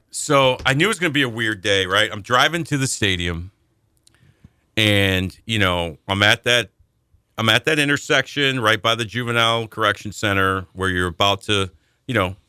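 A man co-hosting a sports radio show, telling stories in an animated way and acting out the voices in them. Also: fairly low pitch, clear, resonant tone, no room sound, clean studio sound. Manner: animated storyteller, acts out shouting voices in anecdotes. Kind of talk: casual sports talk storytelling.

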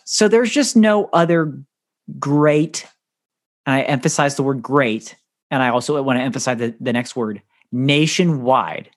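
A man in easygoing podcast chat, with a voice of middling pitch. He rambles through long answers, jokes around and laughs often. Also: a little fast. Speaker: podcast co-host. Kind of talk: casual chat.

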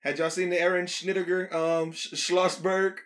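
A man trading loose, profane jokes as a podcast co-host. His voice is bright and forward, and he talks in a relaxed, conversational way. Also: high voice, normal speed. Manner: laid-back, joking, profane. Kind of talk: casual podcast banter.

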